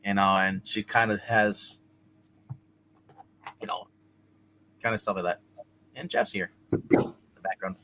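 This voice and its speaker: A man's voice: fairly low pitch, flat delivery, measured pace, pauses often, sharp tone, a little hiss or hum, low-quality recording. A man hosting a live comic review, recapping an issue in a rambling, casual way with many fillers and restarts. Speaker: comic review show host.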